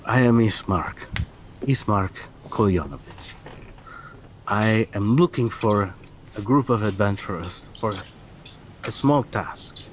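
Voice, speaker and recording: A somber young nobleman with a lowish voice, as a man plays him, speaking formally and slowly, heavy with grief for his father. The recording carries noticeable background noise. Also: poor audio. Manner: formal, measured, sorrowful. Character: weary noble son living in his father's shadow.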